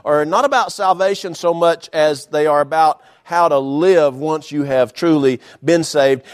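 A man preaching a sermon from the pulpit of a church, using dramatic pauses, emphatic repetition and folksy humor. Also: on the high side. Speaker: pastor. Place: church sanctuary.

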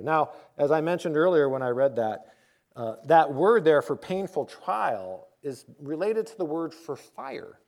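A man's voice: a little high, expressive, measured pace, vocal fry, darkish tone. A man, a pastor, preaching a conversational sermon, telling a personal story and acting out quoted voices before reading scripture.

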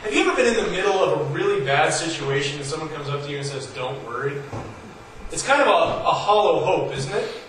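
A man's voice: a little high, expressive, quick pace, few pauses, fairly bright tone. A man preaching a sermon in an earnest, conversational way, his voice rising on emphatic points. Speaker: pastor. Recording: echoey hall from far off, faint noise.

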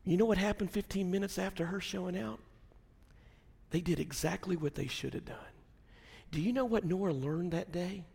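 An older man preaching a sermon, telling a family story and rising to loud, shouted peaks. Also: sits high, normal speed, vocal fry, slightly rough, in a large hall. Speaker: pastor.

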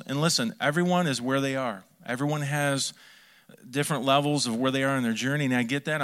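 Joking, lively male pastor preaching. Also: fairly high pitch. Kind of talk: sermon.

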